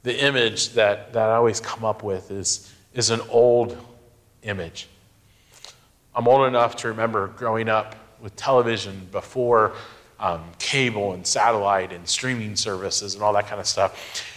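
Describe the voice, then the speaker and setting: A middle-aged man giving a sermon, speaking in a slow, reflective way with emphatic pauses. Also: lowish voice, fairly even intonation, a bit bright. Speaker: pastor.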